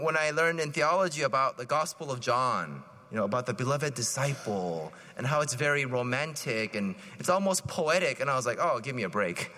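A man's voice: a little high, pushed and bright. A man, a priest, giving a conversational sermon full of anecdotes and acted-out quotes. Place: church. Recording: long reverb of a church.

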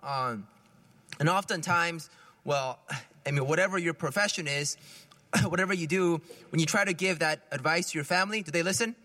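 Priest giving a chatty homily, high and bright voice, long church echo. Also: male voice, normal speed. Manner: conversational, lively, often laughing.

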